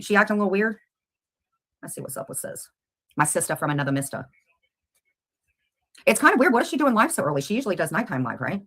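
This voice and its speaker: A woman on a livestream rants straight at a rival, her words tumbling out quickly. Her voice sits in a middle pitch. She is combative and keeps hammering the same questions. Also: breathy edge. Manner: combative, addresses a rival directly with rapid questions. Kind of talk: confrontational livestream rant.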